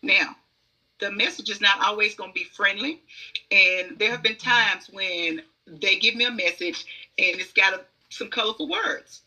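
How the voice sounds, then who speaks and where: A woman talking on a podcast with a husky, raspy edge and a very tense, cutting brightness. She tells stories with emphasis and slips into little voices for the messages she hears. She sounds like a card reader explaining her craft. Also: mid-range voice, normal speed, rough recording. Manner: emphatic, acts out inner voices. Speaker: guest oracle card reader. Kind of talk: conversational podcast storytelling.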